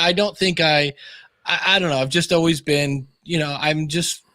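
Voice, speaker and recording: A man's voice: a little high, moderate pace, no room sound, clean studio sound. A man who is a podcaster and author, chatting as a guest over a video call, self-deprecating and acting out the voices in his stories. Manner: self-deprecating, animated storyteller acting out quotes. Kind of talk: casual interview chat.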